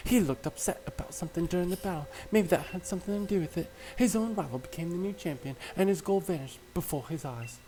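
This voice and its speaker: Game voice: a chatty young woman professor, as a man puts her on, raised in pitch and quick-talking. Friendly and concerned, with a lively tone. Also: slight background noise, close to an everyday voice, rough recording.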